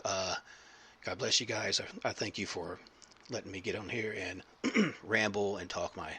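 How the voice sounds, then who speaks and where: A man with a lowish, husky voice that still sounds bright and forceful. He hosts a podcast interview in a loose, rambling, jokey way. His talk is full of fillers. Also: unhurried. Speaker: podcast host.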